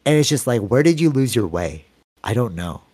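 A man's voice: mid-range voice, sing-song, moderate pace, darkish tone, slightly rough. A man in his thirties hosting a casual podcast chat, talking with lots of energy and many "like"s and "you know"s. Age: 30s. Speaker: podcast host.

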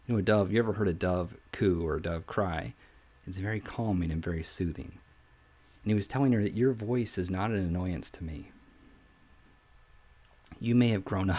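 A man with a very low voice gives an earnest Bible teaching on a podcast. He talks through scripture in a relaxed devotional way, and his voice falls to a soft hush for the quoted verses.

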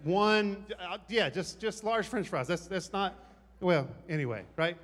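A man's voice: high-pitched, unhurried, fairly bright tone. A man preaching a sermon in a conversational, joking way, teasing the congregation. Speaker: pastor. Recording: long hall reverb.

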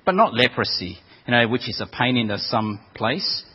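A man's voice: mid-range voice, very animated, normal speed, close to an everyday voice. A man voicing a cheeky male ex-leper beggar who complains about losing his trade, wheedling and aggrieved. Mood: grumbling. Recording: dull echoey hall recording.

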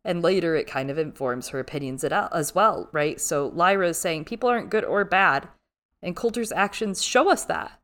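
A woman co-hosting a podcast recaps a series in a casual, animated way. Her voice sits a little low. She keeps breaking into playful impressions of the characters as she talks. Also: moderate pace. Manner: animated, acts out characters' lines in big voices. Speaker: podcast co-host. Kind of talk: casual chat, recapping a TV show.

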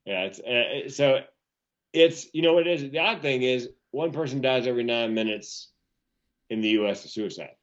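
A man's voice: medium pitch, normal speed, fairly bright tone. A man in his fifties, a comedian and keynote speaker, telling stories and punchlines in casual podcast chat with a self-deprecating manner. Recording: dull lo-fi audio.

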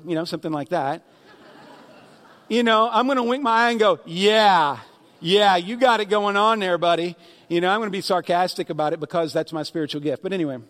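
A man's voice: high-pitched, fairly bright tone, long reverb tail. A man pastor delivering a sermon in a conversational preaching manner, with sarcastic asides, in a church sanctuary.

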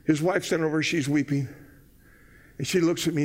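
Older guy preaching, high voice, big echoey church, loud then soft. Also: a little fast, pauses often. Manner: storytelling, animated, swings from loud to hushed. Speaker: pastor. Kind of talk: sermon. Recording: long hall reverb.

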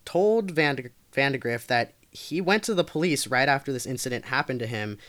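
A woman co-host narrates a true crime story in a relaxed, conversational way. She leans on fillers and laughs easily as she goes. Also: a bass voice, brisk. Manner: laid-back, laughs often, lots of fillers. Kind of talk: casual storytelling chat.

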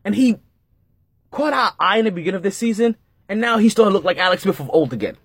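A man with a husky, fairly high voice hosts a sports podcast in a loose, chatty way. His pitch leaps up and down as he repeats himself and throws in jokes. The sound is dry and close. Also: quick pace, no echo. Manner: animated, repeats himself, jokey asides. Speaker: podcast host. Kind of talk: casual sports podcast monologue.

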